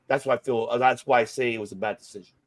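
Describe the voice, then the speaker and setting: A man co-hosting a casual wrestling debate podcast, ranting heatedly with lots of swearing and sudden swings in loudness. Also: medium pitch, fairly even intonation, very fast. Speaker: podcast co-host.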